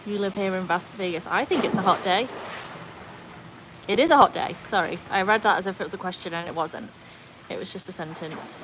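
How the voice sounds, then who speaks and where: A woman from North Wales chatting casually on a livestream, reading out viewer comments in a relaxed, self-deprecating way, recorded outdoors by a pool on a phone with no external mic. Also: medium pitch, slight background noise. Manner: chatty, self-deprecating, walks around the yard. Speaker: livestream host.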